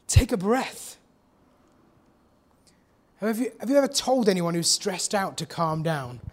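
A man with a notably high voice delivers a sermon. He talks to the congregation as if chatting, often turning to them with rhetorical questions. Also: very animated, moderate pace. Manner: conversational, asks the listeners rhetorical questions. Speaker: preacher.

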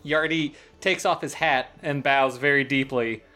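A man's voice: medium pitch, steady tone, a little slow, bright, forceful tone. A man playing a tabletop game, steadily describing what his character does. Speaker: player.

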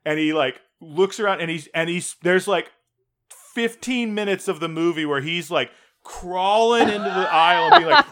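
A man co-hosting a podcast in casual chat, his voice a touch high and brightly forceful. He tells stories with animation, jumping into loud shouted bits when acting out the people in them. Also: big pitch swings, moderate pace. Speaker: podcast co-host.

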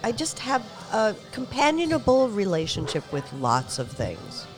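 A woman's voice: medium pitch, huge pitch swings, measured pace, soft background music. A middle-aged woman co-hosting a casual chat, telling stories and laughing often. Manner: laughs often, chatty storytelling.

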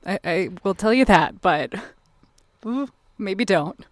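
A woman's voice: medium pitch, lively intonation, slow pace, no room sound, clean studio sound. A woman co-hosting a podcast, talking casually about a film in an effusive, emotional way. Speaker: podcast co-host.

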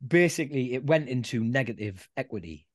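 A man's voice: medium pitch, expressive, a little fast. A man hosting a football podcast in casual chat, with sweary, self-mocking humour. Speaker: podcast host.

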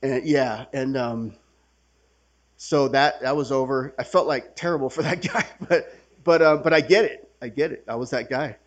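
A man's voice: medium pitch, normal speed, dull audio. Man with a Californian accent, telling a personal story at a workshop, loose and chatty, swears and laughs through it. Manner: conversational, swearing, acts out quotes with laughs. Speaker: workshop speaker sharing his recovery story. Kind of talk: casual storytelling talk. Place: workshop gathering room.

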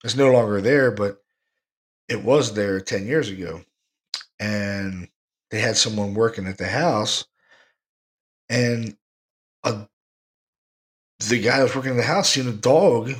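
A man's voice: fairly low pitch, a little slow, long pauses. Laid-back, rambling storyteller man. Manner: rambling, laid-back, laughs while telling stories. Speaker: podcast host, paranormal investigator. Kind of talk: casual storytelling.

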